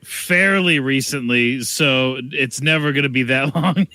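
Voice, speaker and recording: A man guesting on a comedy podcast, dropping playful deadpan one-liners in casual banter. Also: mid-range voice, a little slow, no room sound.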